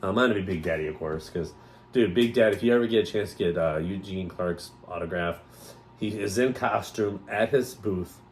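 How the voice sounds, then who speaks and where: Rambling low-voiced man telling stories. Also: a little hiss or hum. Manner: rambling, animated, quick to mimic others' voices. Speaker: podcast co-host. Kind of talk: casual storytelling chat.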